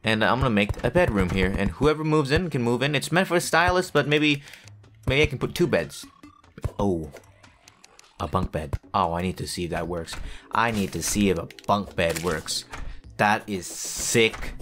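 A man's voice: on the low side, lively intonation, normal speed, fairly bright tone, faint music behind. A man giving rambling, jokey commentary to himself while playing a building game. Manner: rambling, self-talking, jokey asides. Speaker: gaming video creator. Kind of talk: casual gameplay commentary.

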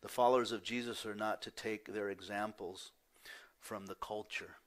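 A man preaching a sermon as pastor, moving between loud emphatic declarations and hushed, near-whispered lines, with confessional asides. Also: lowish voice, fairly even intonation, moderate pace. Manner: confessional, self-deprecating asides.

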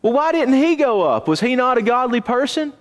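A man teaching a Bible class in a church auditorium, lively and questioning his listeners. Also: very high voice, fairly quick. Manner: animated, asks the class questions. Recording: long reverb of a church auditorium.

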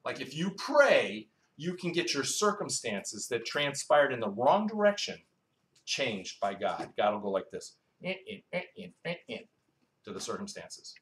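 Male preacher, mid-pitched, conversational Bible teacher who quizzes the room; roomy, echoey recording. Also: very animated, measured pace, a bit bright, a little hiss or hum. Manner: quizzes the congregation, asks and answers its own questions; conversational, with asides and storytelling. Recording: roomy echo.

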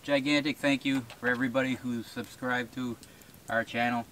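Recorded on a camera-mounted shotgun mic with a touch of hiss or hum, this rural New Brunswick man hosts a bushcraft channel from the woods. At a moderate pace and level, medium pitch, his fairly bright voice rambles along casually with fillers and chuckles.

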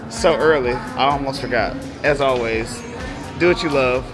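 A man hosting his vlog from an airport security line, chatting in a relaxed way and saying y'all. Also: medium pitch, moderate pace, music in the background. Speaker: vlog host. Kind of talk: casual vlog sign-off.

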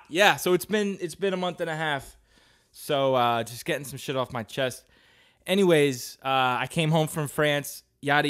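A man talks slowly through a one-man podcast rant. He is crude and profane, drifting between tangents and bursting loud without warning. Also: medium pitch, clean tone. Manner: crude, profane and rambling, with sudden loud outbursts. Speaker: podcast host. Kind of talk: casual solo podcast rant.

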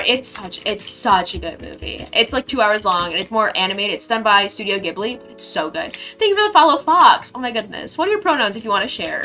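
Bubbly young woman streamer, bright voice. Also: a little high. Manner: bubbly, gushing thanks to chat, playful slang. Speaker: live streamer. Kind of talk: casual live-stream chat while building in a game.

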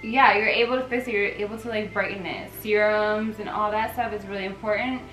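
A woman's voice: medium pitch, steady tone, brisk, fairly bright tone. A young woman hosting a vlog, chatting casually with lots of "like" fillers while giving a facial at home. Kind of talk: casual chat. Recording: echoey room, far from mic, faint music.

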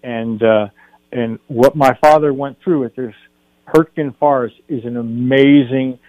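A man's voice: mid-range voice, steady tone, measured pace, no room sound. An older man, a film director guest on a radio show, telling a personal story in an earnest way, often restarting his sentences. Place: radio studio. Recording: dull radio broadcast.

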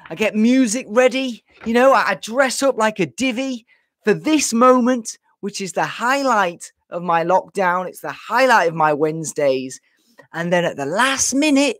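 A man's voice: high-pitched, fairly bright tone, dry recording. Man, casual live-stream host, out of breath, self-deprecating, chatty, dry close sound. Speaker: livestream host. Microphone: webcam setup.

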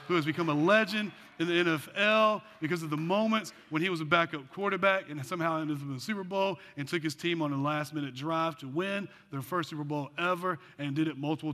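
A man preaching a sermon as pastor, animated with joking asides, then dropping into quiet earnest passages. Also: on the high side. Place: church sanctuary. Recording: long church hall reverb.

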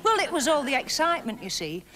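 Lady comic, highish voice, gossipy deadpan gags, old telly recording w crowd laughing n hiss. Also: quick pace. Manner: chatty gossipy deadpan one-liners, laughing at own jokes. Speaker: stand-up comedian. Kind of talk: stand-up routine. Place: TV studio stage before live audience. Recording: archive TV recording with audience laughter.

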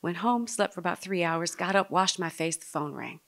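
A woman telling a personal story to a live audience, dramatic and speaking straight to the listeners, sometimes dropping to a hush. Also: on the low side, normal speed, gravelly. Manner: dramatic, drops to a hush at tender moments.

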